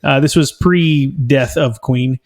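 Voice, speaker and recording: A man's voice: medium pitch, takes it slowly. A man co-hosting a casual soccer podcast, talking in a rambling, enthusiastic way with lots of ums and uhs. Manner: rambling, filler-heavy, enthusiastic fan talk. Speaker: podcast co-host. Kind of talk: casual chat.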